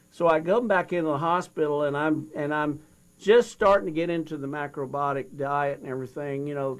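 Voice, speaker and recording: Older man telling his story with feeling. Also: fairly high pitch. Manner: animated retelling, acts out both sides of a dialogue. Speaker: guest. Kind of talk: storytelling interview.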